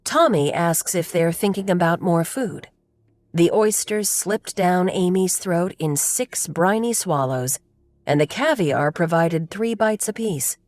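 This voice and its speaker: A woman narrating a novel as an audiobook, telling the story in a steady, even manner. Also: fairly low pitch, no room sound, clean studio sound. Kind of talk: scripted narration.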